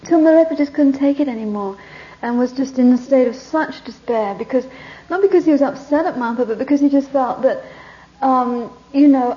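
A woman Buddhist teacher telling a story in a dharma talk, conversational, with restarts and sentences that trail off softly, on a dull lo-fi recording. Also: high-pitched, a little fast.

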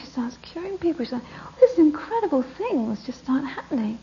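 Woman, Buddhist teacher, storytelling talk, mellow voice, dull lo-fi recording. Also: high-pitched, a little fast. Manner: lively storytelling, dropping into whispers. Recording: dull lo-fi recording with faint hiss.

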